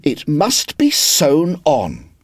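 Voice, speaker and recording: A man voicing a polite, kindly young girl in a read-aloud storybook, lifting his voice higher and gentler. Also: huge pitch swings, drawn-out words, no echo, clean studio sound, exaggerated voice.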